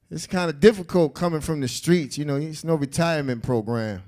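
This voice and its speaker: Street-talking New York stand-up comic. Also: male voice, a little high, a little fast, a little mellow. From South Bronx, New York. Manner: loose, street-talking banter with the crowd. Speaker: stand-up comedian. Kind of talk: stand-up comedy set. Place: live comedy club stage.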